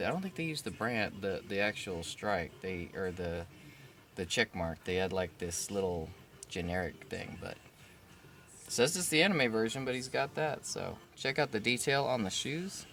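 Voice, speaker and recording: A man hosting a casual unboxing video, talking in a relaxed, rambling way with many fillers and self-corrections. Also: on the low side, normal speed. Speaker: vlog host unboxing a collectible figure. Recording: steady background noise.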